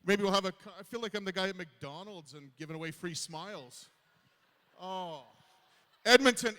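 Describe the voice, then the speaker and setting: A man's voice: sits high, normal speed, fairly bright tone. Self-mocking comedian in his fifties, hall echo. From Canada. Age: 50s. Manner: self-deprecating storytelling to a crowd. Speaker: stand-up comedian. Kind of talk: stand-up comedy set. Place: large hall on stage. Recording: live hall reverb.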